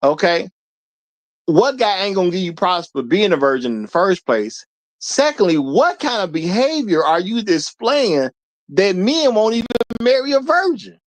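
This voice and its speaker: A man's voice: high-pitched, very animated, normal speed. A man hosting a livestream, talking bluntly and lecturing his chat in casual commentary. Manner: blunt, preachy, talks straight to the chat. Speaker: livestream host.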